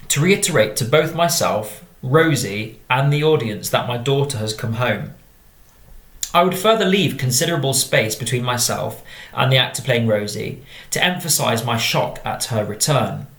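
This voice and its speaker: A man with an English accent, a drama teacher reading out and explaining model exam answers in a measured tone. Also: mid-range voice. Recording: echoey room.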